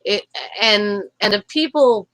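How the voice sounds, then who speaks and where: Frank rambling Southern woman, bright tone. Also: medium pitch, slow, no room sound, rough recording. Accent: Southern American. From Tennessee. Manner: rambling, frank and profane, with many fillers. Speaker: podcast co-host. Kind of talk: casual chat.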